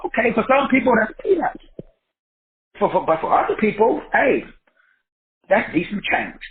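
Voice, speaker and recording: A man's voice: sits high, very animated, moderate pace. A man teaching a credit class over a group call in a preacher-like cadence, folksy and emphatic, firing off rhetorical questions and repeating phrases. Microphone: phone or call line. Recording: tinny phone-line audio.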